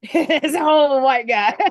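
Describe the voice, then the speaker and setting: A woman from Illinois who has picked up a Southern twang, casually co-hosting a podcast and telling animated, giggly stories. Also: sits high, no echo, clean studio sound. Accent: Southern US twang over Midwestern. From Illinois, Midwest US. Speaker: podcast co-host. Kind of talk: casual chat.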